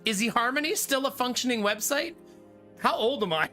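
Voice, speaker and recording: A man's voice: very high-pitched, animated, a little fast, pushed and bright. A man in his thirties chatting casually with his live-stream chat while playing a card game, laughing often. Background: faint game music.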